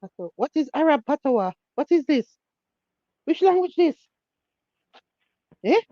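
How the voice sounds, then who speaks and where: A woman with a Jamaican accent hosting a casual online chat, firing off questions in a lively, patois-laced way. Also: high voice, measured pace, no room sound. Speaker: livestream host. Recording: dull dry sound.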